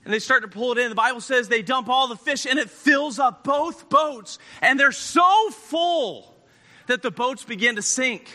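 A man preaching a sermon, retelling a Bible story and acting out the characters with shifting voices and sudden shouts. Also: very high voice, expressive, moderate pace. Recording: long hall reverb.

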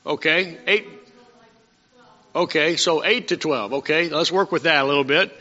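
A man's voice: fairly high pitch, moderate pace, sharp tone. A man preaching a Bible-study sermon in a conversational way, asking the congregation questions as he goes. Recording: muffled sound with long hall reverb.

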